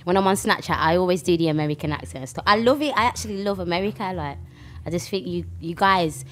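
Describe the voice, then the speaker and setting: A woman's voice: fairly low pitch, fast talker, a little hiss or hum. A young woman with a Birmingham accent, a rapper talking animatedly in a casual interview. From England. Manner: animated, with fillers and restarts. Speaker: rapper, guest.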